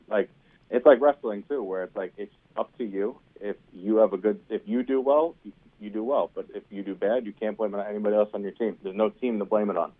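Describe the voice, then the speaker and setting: Fast-talking comedian man from New York. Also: lowish voice. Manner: quick, storytelling, self-deprecating. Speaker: stand-up comedian guest. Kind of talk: casual interview chat. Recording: tinny phone-like sound.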